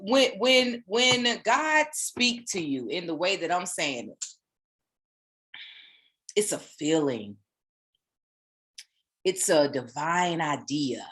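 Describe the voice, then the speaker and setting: A woman, giving a casual, animated sermon-style motivational talk as a spiritual teacher, with repeated phrases. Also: fairly low pitch.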